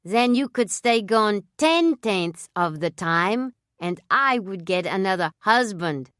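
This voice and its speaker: A woman voicing a lively petite young Italian ballet dancer who speaks broken English with an Italian accent and a teasing, bossy manner. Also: medium pitch, slow, clear, resonant tone, no echo, clean studio sound. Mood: tart.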